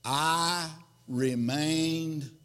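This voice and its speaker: A man's voice: on the high side, extremely slow, noisy background. A man voicing a proud, folksy male cucumber in a sermon, telling his story earnestly. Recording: long hall reverb.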